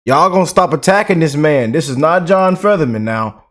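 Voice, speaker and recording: A man hosting a casual reaction commentary, talking in an animated, preachy way and repeating his phrases. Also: on the high side, moderate pace. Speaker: commentary video host.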